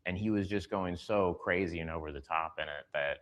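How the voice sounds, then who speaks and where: Low-voiced man telling a story. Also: fairly bright tone. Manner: storytelling, slips into quick impressions of others. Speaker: actor telling a set story. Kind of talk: anecdote in an interview clip.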